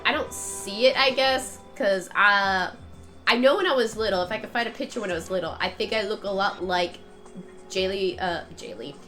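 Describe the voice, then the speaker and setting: A woman's voice: medium pitch, fairly bright tone. A woman game streamer with a stuffed-up nose, chatting casually and rambling with frequent laughs while she plays. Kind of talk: casual gameplay commentary.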